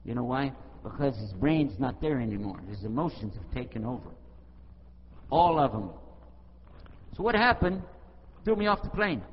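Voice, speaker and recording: An American man giving an Islamic talk, retelling an encounter and acting out each side of the dialogue with lively emphasis. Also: mid-range voice. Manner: animated, acts out both sides of dialogue. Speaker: Islamic preacher. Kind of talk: storytelling talk to an audience. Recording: lo-fi hall recording with faint noise.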